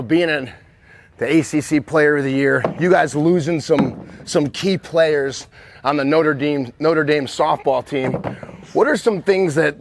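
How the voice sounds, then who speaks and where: Gravelly-voiced man coaching softball. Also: a little high, slight background noise. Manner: encouraging, rambling questions with many restarts. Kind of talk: coaching lesson and interview.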